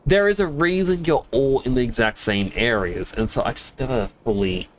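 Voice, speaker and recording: A man's voice: medium pitch, normal speed, slight background noise. A man streaming a game, chatting casually in a rambling, self-amused way. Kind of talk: casual chat while gaming.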